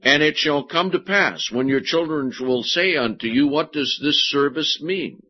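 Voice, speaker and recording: A man preaching a sermon and reading scripture aloud, slowing down deliberately to stress key words. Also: a little high, husky. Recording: dull lo-fi sermon recording.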